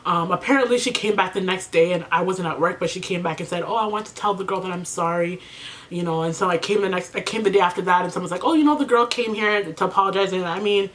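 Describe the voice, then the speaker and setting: Still tearful after crying, a young woman vlogs casually while doing her makeup, peppering her get-ready-with-me chat with "like" and "you know." Her voice is on the low side, quick and a bit bright. There's slight background noise.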